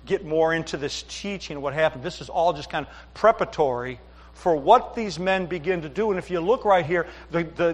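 A middle-aged man with a slightly high voice delivers a sermon as pastor, weaving folksy tales and side remarks to his congregation. It's recorded in a church sanctuary with a big-room sound.

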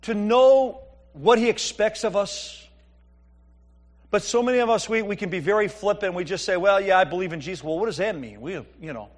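A man's voice: high voice, normal speed. A middle-aged male pastor preaching a sermon, reading scripture and telling jokey family stories in a conversational way. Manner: conversational, joking storytelling with Bible reading.

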